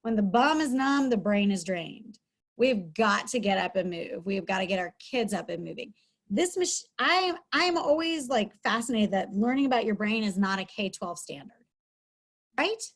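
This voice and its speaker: A woman's voice: mid-range voice, lively intonation, moderate pace. A middle-aged woman, a school counselor, giving an upbeat, chatty webinar lesson from home over a video call, with many fillers. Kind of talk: webinar teaching talk.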